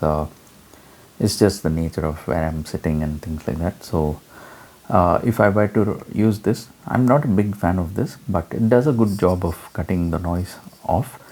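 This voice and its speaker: Low-voiced man demoing audio gear. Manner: relaxed, explanatory, many fillers. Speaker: gear reviewer. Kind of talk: hands-on product demo.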